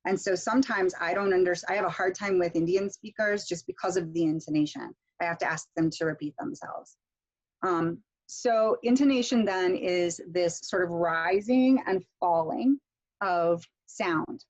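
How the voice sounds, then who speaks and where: With a lowish voice and moderate pace, a woman teaches an online pronunciation workshop over a rough recording. She demonstrates intonation using example sentences, speaking casually with lots of fillers and frequent "okay?" check-ins.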